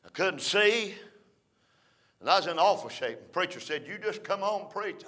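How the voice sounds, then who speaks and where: An older man preaching a folksy storytelling sermon, rising to shouts between drawn-out "uh" phrases. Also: sits high, animated.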